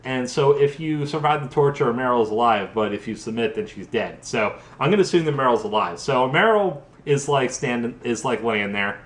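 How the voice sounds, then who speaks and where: A man's voice: medium pitch, lively intonation, fairly quick, hardly any pauses. A tipsy man rambling through a profane, casual recap of a game's story, full of fillers. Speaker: host. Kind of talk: drunk casual game recap. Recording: echoey room.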